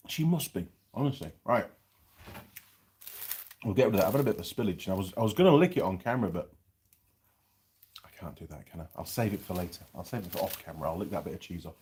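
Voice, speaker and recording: A man's voice: lowish voice, darkish tone. A middle-aged man hosting a casual vlog, chatting in a rambling way and reading out viewer comments while he eats. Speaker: channel host reviewing pies. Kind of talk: casual live-chat vlog.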